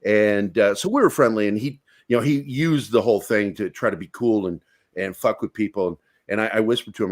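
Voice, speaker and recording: A man co-hosting a podcast, telling a crude high-school story in a profane, animated way. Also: brisk. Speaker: podcast co-host. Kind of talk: casual storytelling chat.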